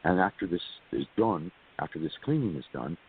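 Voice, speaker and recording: A man's voice: low-pitched, big pitch swings, a little fast. A man from California telling a long personal story as an interview guest, rambling with repeated words and asides to listeners. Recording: tinny phone line with hiss.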